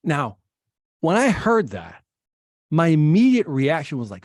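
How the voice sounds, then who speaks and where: Lively storytelling man, dry sound. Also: on the high side, unhurried, no room sound. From Chicago, United States. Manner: energetic storyteller, acts out quoted exchanges. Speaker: guest speaker. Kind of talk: animated storytelling interview.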